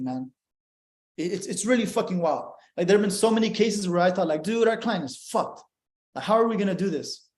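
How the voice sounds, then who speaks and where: A young man speaks as a guest on a casual interview show. He talks in an emphatic, fired-up way and swears freely. His voice sits high for a man, and the room around him echoes. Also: darkish tone. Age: young adult. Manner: profane, emphatic, fired-up storytelling. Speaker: attorney, podcast guest.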